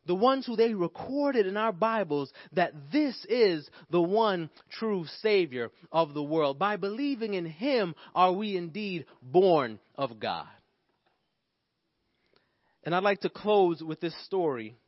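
A pastor preaching a sermon, building emphasis and calling out to the congregation. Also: male voice, high voice, animated, slow, dry recording, dull audio. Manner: preaching with rising emphasis and call-outs to the congregation.

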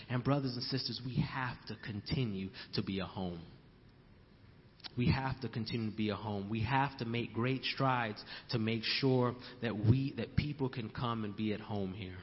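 A young male pastor preaches in a church, his voice ringing out with a long hall reverb. The sound is dull and lo-fi. He repeats his key lines and tells stories that build to loud emphasis. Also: medium pitch. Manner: repeats key lines for emphasis, calls listeners brothers and sisters; storytelling asides, rising to loud emphasis. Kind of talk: sermon. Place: church sanctuary.

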